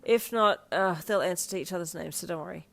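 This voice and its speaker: A woman voicing an exhausted young mother of toddler twins, in a tired, flat tone. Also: lowish voice, fast talker, creaky. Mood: weary.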